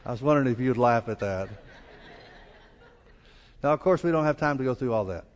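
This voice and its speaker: Brisk and animated, a pastor from the American South gives a folksy sermon in a Southern accent, performing quoted lines with his pitch climbing. The church hall lends a long reverb.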